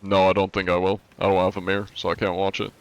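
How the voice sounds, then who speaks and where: Laid-back deep-voiced American streamer. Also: male voice, monotone, fast, clean tone, highs cut off. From United States. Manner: laid-back, rambling, lots of likes and ums. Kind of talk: casual live-stream chat reading viewer comments.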